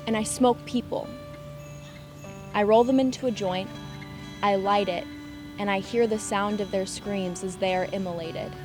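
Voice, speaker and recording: An actress voices a brooding young woman with a mid-range voice who speaks her verses in a dry, deadpan way. Music plays under the film scene. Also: medium pitch, measured pace, long pauses, lightly acted. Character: young woman, moody, poetic, hard to comfort. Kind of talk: film dialogue, reciting a poem.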